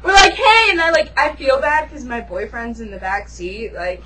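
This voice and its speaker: A teenage girl telling a story in excited casual chat, swearing and acting out quotes with shrieks. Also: on the high side, normal speed, far from the mic, heavy background noise.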